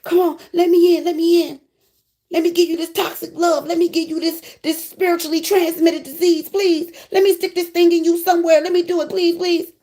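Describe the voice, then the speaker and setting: A woman voicing a deceitful ex-lover who begs and whines in a high wheedling voice. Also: level tone, a little fast, warm tone. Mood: begging. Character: whiny pleading deceitful ex-lover.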